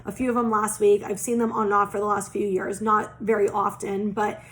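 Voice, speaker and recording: A woman's voice: mid-range voice, level tone, fairly quick, fairly bright tone. A woman giving a casual oracle card reading, chatty and rambling, full of "like" fillers and casual swearing. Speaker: psychic oracle card reader.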